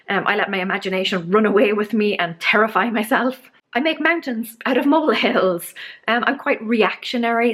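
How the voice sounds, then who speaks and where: A woman in her thirties talking to camera in a candid, self-deprecating vlog, with animated asides. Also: mid-range voice. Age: 30s. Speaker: lifestyle vlogger.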